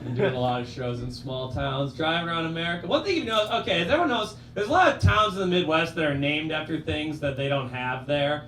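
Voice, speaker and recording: A man's voice: a little high, quick pace, few pauses. A man from Minnesota doing a stand-up set in a loose, giggly, mocking way. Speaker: stand-up comedian. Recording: roomy, distant club mic with noise.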